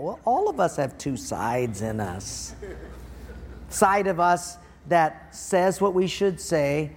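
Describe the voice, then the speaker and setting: An older man preaching a sermon as pastor, animated, acting out everyday scenes in playful voices. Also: on the high side, slow. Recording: reverberant hall.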